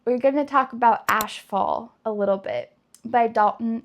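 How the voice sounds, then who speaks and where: A woman's voice: on the high side, moderate pace, a little hiss or hum. A young adult woman chatting casually and gushing about books she loves, with lots of "like". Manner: chatty, gushing, many likes. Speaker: book vlogger. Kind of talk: casual chat.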